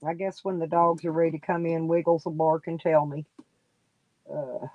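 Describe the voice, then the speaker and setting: A woman's voice: low voice, little pitch movement, normal speed, no echo, dull audio. A woman, sniffly and coughing, chatting casually and folksily with viewers on a live stream. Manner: folksy, rambling, talks straight to chat by name.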